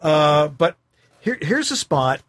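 A man with a husky, breathy voice whose pitch moves about a lot as he talks. He is a voiceover actor hosting a relaxed, casual chat from his home recording booth. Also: takes it slowly. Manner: relaxed, with easy laughs and restarts.

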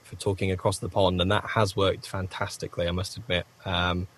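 A man's voice: low voice, flat delivery, a little fast, fairly bright tone. A man, a voice actor, answering interview questions in a rambling, self-correcting way with frequent coughs, speaking from a home recording booth. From United Kingdom. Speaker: voice actor guest.

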